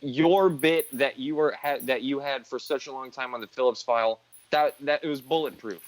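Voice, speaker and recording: A man's voice: mid-range voice, moderate pace, no room sound, poor audio. A man chatting as a guest comedian on a video call, joking and rambling through self-deprecating stories. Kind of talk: casual chat on a live stream.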